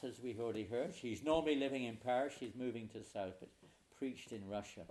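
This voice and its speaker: A man's voice: lowish voice, noisy background. An older man, telling a humorous personal story as a speaker at a spiritual retreat, talking to a live audience. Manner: animated, humorous anecdotal storyteller.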